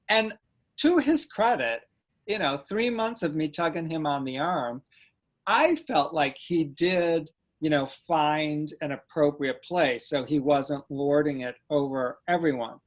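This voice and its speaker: A middle-aged man hosting a conversation, telling stories in an earnest, gentle, halting way with frequent restarts. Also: a little high, expressive. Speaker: host. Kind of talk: reflective conversational storytelling.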